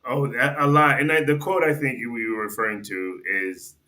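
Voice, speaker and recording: A man talks as a podcast guest, telling a story in a loose, conversational way full of "you know" and "like." His voice is bright and forward, at an ordinary pitch for a man, and he often restarts his sentences and voices the people in his story. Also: steady tone, moderate pace. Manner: rambling, restarts sentences, acts out quoted dialogue. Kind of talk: casual storytelling.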